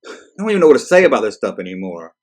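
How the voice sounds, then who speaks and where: A man's voice: lowish voice, big pitch swings, rapid-fire. A man hosting his channel, reading through a list and reacting with exasperated, sarcastic commentary and frequent swearing. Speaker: channel host. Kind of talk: casual ranting commentary.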